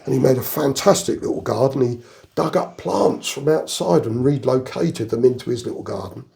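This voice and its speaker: A man's voice: mid-range voice, lively intonation, normal speed, gravelly, darkish tone. An older man from England, a retired army veteran, telling rambling anecdotes in a casual interview. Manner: rambling anecdotal storyteller, chuckles through jokes.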